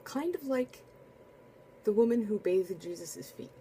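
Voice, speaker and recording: A woman telling a casual spoken anecdote in a chatty, animated way, full of asides and restarts. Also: mid-range voice, a little slow, a little hiss or hum. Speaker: storyteller.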